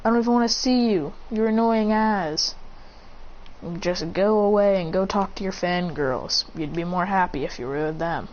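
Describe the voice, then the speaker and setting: A woman's voice: mid-range voice, moderate pace, a little mellow, lightly acted. A woman voicing an aloof, rule-breaking teenage boy ninja who talks in a dismissive, bored drawl. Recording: slightly muffled with faint hiss.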